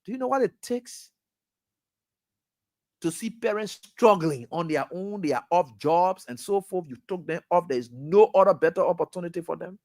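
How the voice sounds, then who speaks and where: Fiery Liberian talk radio host, high-pitched. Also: male voice, expressive, normal speed, darkish tone, no echo, clean studio sound. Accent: Liberian English. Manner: scolding, rhetorical, addresses the president directly. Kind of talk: fiery political commentary.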